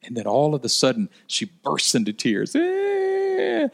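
A male pastor preaching a sermon, telling stories and slowing down for emphasis. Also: mid-range voice, gravelly, fairly bright tone, slightly rough. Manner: storytelling, slows down for emphasis.

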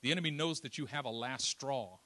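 Bright, animated preacher man. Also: mid-range voice, fairly quick, dry recording. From East Oakland, California. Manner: animated storyteller, acts out quotes, self-deprecating asides. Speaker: pastor. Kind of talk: sermon with personal storytelling.

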